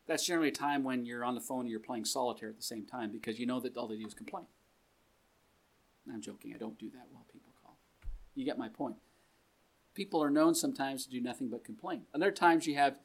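A man's voice: a little high, fairly quick. Conversational male preacher reading scripture in a meeting room, easy joking tone. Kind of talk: sermon.

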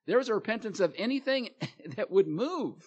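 A man's voice: high-pitched, animated, moderate pace, a little mellow, dull audio. A male preacher reading scripture aloud and explaining it in a plain sermon, with fillers and restarts.

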